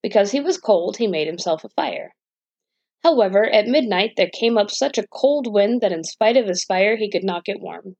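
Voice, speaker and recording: A woman's voice: mid-range voice, lively intonation, moderate pace, darkish tone, breathy edge, dry recording. Woman reading a bedtime story. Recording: dull dry lo-fi recording.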